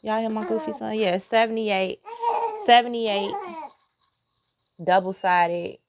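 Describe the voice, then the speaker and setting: A talkative woman rambling through a casual outdoor vlog at a mid pitch. She laughs often and drifts off to speak to her child. Steady outdoor noise and clicks run under her voice. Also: slow. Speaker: tarot vlogger. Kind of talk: casual chat to viewers. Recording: noisy outdoor recording.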